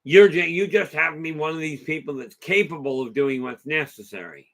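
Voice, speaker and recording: Bright, chatty man telling stories. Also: on the high side, fairly quick. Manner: rambling, chatty, with many restarts and asides; reads out and answers viewer comments. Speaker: host. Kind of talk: casual livestream storytelling.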